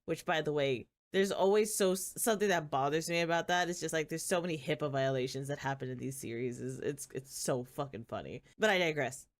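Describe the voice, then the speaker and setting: Woman vlogger, lowish voice, wry chatty recap with laughs. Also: brisk, hardly any pauses. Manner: sardonic, chatty, laughs often. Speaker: channel host. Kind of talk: casual drama recap vlog.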